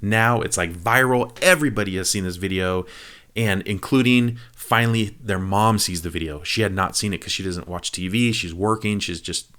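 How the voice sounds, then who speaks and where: Low-voiced male vlogger recapping a film plot, animated and chatty. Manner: animated storytelling, quick asides to the viewer, acts out quoted lines. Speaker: movie review vlogger. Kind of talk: casual retelling of a film plot.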